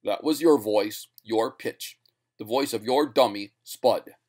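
A stern male scientist with a curt, acid way of speaking, put on by a man. He lectures in a slightly lower, clipped voice. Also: slow pace, darkish tone.

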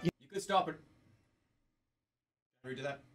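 A man streaming live, chatting casually and reading viewer stories aloud in an excitable, jokey way. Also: on the high side, unhurried. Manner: excitable, jokey, prone to laughing fits. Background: faint music.

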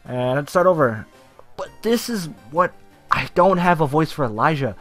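A young man giving casual, excitable, profane let's-play commentary over a video game, shouting when frustrated. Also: on the high side, moderate pace. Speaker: gaming YouTuber. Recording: faint game music behind.

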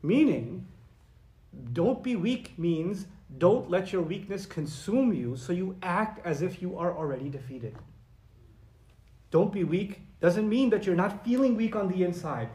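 A male preacher with a fairly high voice delivers a sermon, lively and conversational, slipping into Arabic recitation. His voice rings out in an echoey room. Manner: animated and conversational, acting out quoted voices; recites Arabic verses and sources. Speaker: Islamic preacher. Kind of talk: lecture-style sermon.

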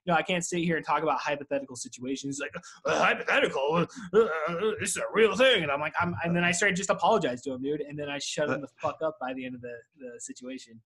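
A man's voice: on the high side, very fast, few pauses, a bit bright, husky. A man chatting casually on a podcast, swearing and saying "dude" constantly. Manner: profane, says "dude" a lot. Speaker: podcast co-host. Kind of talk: casual chat.

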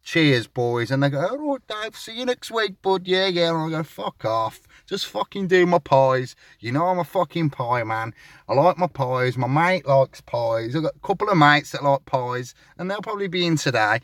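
A young man tells a crude, sweary comic story. His pitch jumps all over as he acts out chats, and the sound is dry with no room around it. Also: lively intonation, moderate pace, fairly bright tone, dry recording. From West Midlands, England. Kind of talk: rambling comic monologue.

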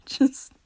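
A woman's voice: dark tone, no echo. A young woman co-hosting a casual podcast, telling a childhood story and laughing through it. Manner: giggly storyteller, laughs through her anecdotes. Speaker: podcast co-host. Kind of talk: casual chat.

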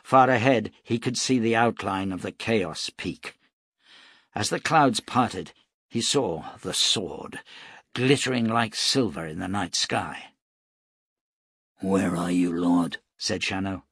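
Male audiobook narrator, husky, gravelly, steady dramatic reading. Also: lowish voice, slow, no echo, clean studio sound. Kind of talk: scripted narration.

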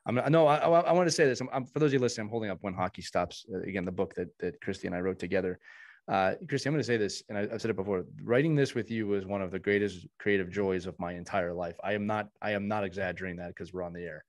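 A man's voice: sits low, very fast. A man hosting a casual podcast, talking in an effusive, earnest way as he praises his co-hosts. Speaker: podcast host.

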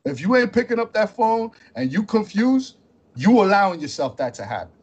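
Man, podcast host, husky, high-pitched, blunt, slangy, heated. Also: big pitch swings, a little fast, darkish tone, highs cut off. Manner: blunt and confrontational, streetwise slang.

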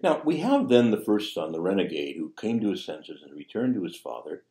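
A male priest preaches in a low, warm voice that rises and falls with lots of animation. He talks conversationally and checks in with asides. His sermon rings out through an echoey church. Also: very animated, brisk. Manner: conversational, rhetorical asides like "see?". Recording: echoey room.

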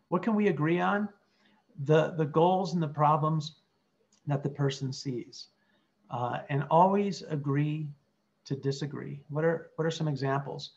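A middle-aged man, a clinical psychologist, teaching a workshop in an earnest way and modelling calm, empathic replies. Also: fairly high pitch, vocal fry, highs cut off. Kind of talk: teaching workshop with role-play examples.

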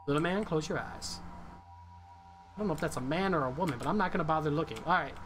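A man streaming a horror game live, reacting excitably and reading on-screen text aloud. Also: fairly high pitch, quick pace. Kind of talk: live horror gameplay commentary. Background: game music.

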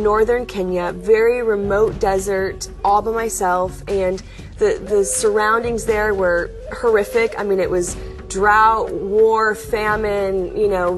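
A young adult woman, a guest in an interview, telling her story in an earnest way and acting out quoted voices. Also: medium pitch. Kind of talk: interview testimony.

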